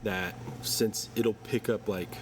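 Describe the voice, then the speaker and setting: A man's voice: fairly low pitch, steady tone, slow, heavy background noise. A man hosting a podcast, talking loosely with lots of "uh" and "like" fillers. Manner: loose and conversational, heavy on fillers like "uh" and "like". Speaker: podcast host. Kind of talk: casual podcast talk.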